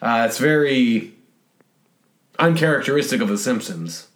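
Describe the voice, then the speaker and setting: A man's voice: mid-range voice, a little slow, fairly bright tone. A man hosting a casual podcast, rambling through an episode recap with restarts and laughs. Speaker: podcast host.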